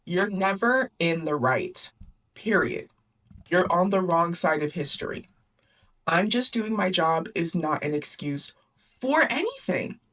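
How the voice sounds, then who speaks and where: A woman's voice: on the low side, sing-song, measured pace, a bit bright, recorded from a distance. A young woman hosting a book club, recapping a story in a chatty, sarcastic way, often laughing and acting out the characters. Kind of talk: casual book recap and commentary.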